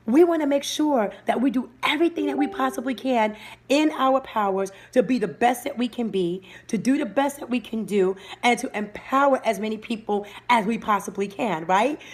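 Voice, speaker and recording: A woman's voice: a little high, moderate pace. A woman hosting a live-streamed motivational talk, speaking energetically and breaking off to greet viewers by name. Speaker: livestream host and motivational speaker.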